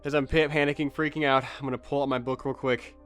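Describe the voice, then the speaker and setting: A man's voice: mid-range voice, level tone, fast talker, fairly bright tone, soft background music. A man playing a tabletop game, talking hesitantly. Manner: hesitant, with fillers. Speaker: player.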